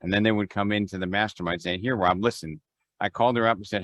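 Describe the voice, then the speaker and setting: Deep-voiced man leading a video call. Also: steady tone, quick pace, fairly bright tone, no room sound. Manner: conversational, with restarts and quoted phone dialogue. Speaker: real estate team leader.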